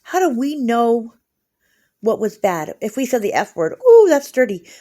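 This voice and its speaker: A woman's voice: on the high side, lively intonation, a little slow, darkish tone. A woman in her forties rambling emotionally through a casual vlog monologue. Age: 40s.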